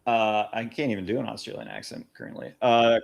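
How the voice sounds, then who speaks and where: A man co-hosting a casual film podcast, recapping the plot in a relaxed way with plenty of fillers. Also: lowish voice, brisk, creaky, a crowd in the background. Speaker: podcast co-host.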